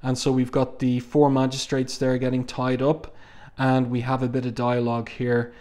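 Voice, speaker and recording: A man giving a measured, panel-by-panel review of a comic book, pausing often with "um". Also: medium pitch, monotone, darkish tone. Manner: measured, thoughtful, frequent "um" fillers.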